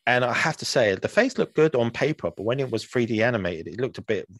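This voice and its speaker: A man's voice: mid-range voice, lively intonation, fast, no room sound. A young man co-hosting a podcast in casual chat, rambling with lots of fillers and restarts. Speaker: podcast co-host.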